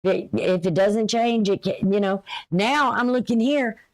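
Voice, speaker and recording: A woman's voice: mid-range voice, a little slow. A woman giving a casual, folksy astrology reading, chatty and advice-giving, with a runny nose. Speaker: astrology and tarot reader.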